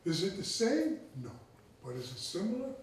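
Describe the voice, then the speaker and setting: High-voiced man lecturing in an echoey room. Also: huge pitch swings, moderate pace, slight background noise. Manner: keeps checking in with listeners. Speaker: tribal chief giving a talk. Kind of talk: conversational lecture. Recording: echoey room, mic far off.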